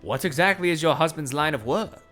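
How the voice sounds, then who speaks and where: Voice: mid-range voice, expressive, brisk, a bit bright, soft background music, voice pushed up, lightly acted. A streamer hamming up a pompous Victorian detective. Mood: grandiose. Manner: theatrical, grandiose and self-satisfied. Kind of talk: reading game dialogue aloud on stream.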